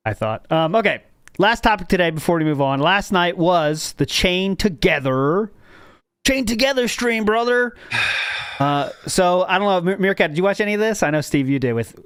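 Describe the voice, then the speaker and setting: A man's voice: high-pitched, animated, normal speed, fairly bright tone, clean tone, no room sound. A man hosting a casual podcast, rambling and correcting himself as he talks. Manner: rambling, self-correcting, laughs at own jokes. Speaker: podcast host.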